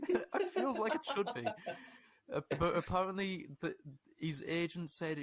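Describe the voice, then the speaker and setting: A man's voice: high voice, sing-song, unhurried. Swearing British man reading a story aloud. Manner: swearing, laughing, acting out quoted lines. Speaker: podcast co-host.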